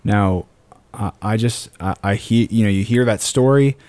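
A man in a casual faith discussion on a podcast, earnest and halting, with many restarts. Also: lowish voice, a little mellow, dry recording.

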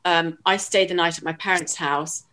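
Low-voiced woman recounting an ordeal. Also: steady tone, pushed and bright. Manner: measured, halting retelling with restarts. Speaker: interviewee. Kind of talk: personal account in an interview.

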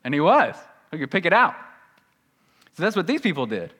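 A man preaching a sermon with a Southern US accent. He talks earnestly and conversationally, and his pitch jumps up when he acts out quoted voices. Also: big pitch swings, fairly quick, fairly bright tone. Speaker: pastor.

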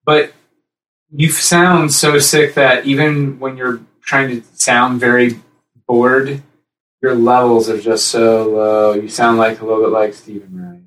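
Male podcast co-host, chatty and rambling, slightly off-mic, middle pitch. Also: a little slow, roomy sound, recorded from a distance, poor audio. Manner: rambling, animated, jumps into high-pitched impressions. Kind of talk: casual chat.

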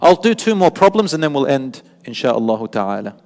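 A man giving an animated sermon who repeats words for emphasis and mixes in Arabic phrases. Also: mid-range voice, moderate pace, gravelly, in a large hall. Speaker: Islamic preacher. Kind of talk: sermon with storytelling.

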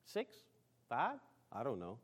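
A man pastor delivering a conversational sermon to his congregation, speaking to them directly and moving between loud emphasis and hushed, almost whispered lines. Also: medium pitch, wildly swooping pitch, slow, breathy edge.

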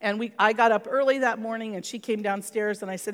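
A woman's voice: fairly high pitch, fairly even intonation, brisk, in a large hall. A middle-aged woman pastor giving an earnest sermon, telling a personal story and leading into prayer.

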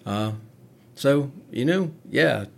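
Man, paramedic, gravelly and husky voice, candid self-deprecating podcast chat. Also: mid-range voice, animated, slow.

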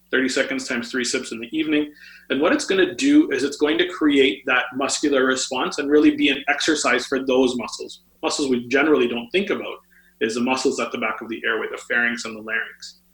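Bright-voiced man explaining health tips. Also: mid-range voice, fairly even intonation, a little fast. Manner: explanatory, with many fillers. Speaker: guest health author. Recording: roomy echo.

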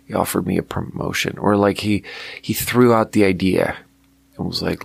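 Low, husky-voiced man, gravelly edges; dry close sound, self-mocking solo host. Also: steady tone, normal speed, no room sound. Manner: wry, self-mocking, swears freely. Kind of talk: casual late-night monologue.

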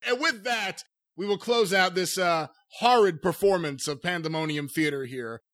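A man's voice: sits high, normal speed, fairly bright tone. A man hosting a podcast, teasing his guests and laughing often. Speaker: podcast host. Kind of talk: casual podcast chat.

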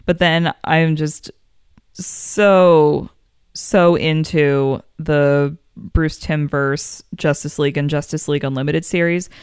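A woman co-hosting a podcast, chatting casually and enthusiastically, quick to laugh. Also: deep voice, steady tone, darkish tone, clear, resonant tone, no echo, studio quality. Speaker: podcast co-host. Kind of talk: casual chat.

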